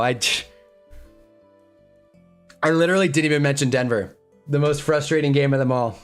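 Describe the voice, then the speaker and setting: A man hosting a live stream, ranting about his football team with profanity and rapid rhetorical questions. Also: a little high. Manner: flat, deflated muttering. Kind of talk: heated live-stream sports rant.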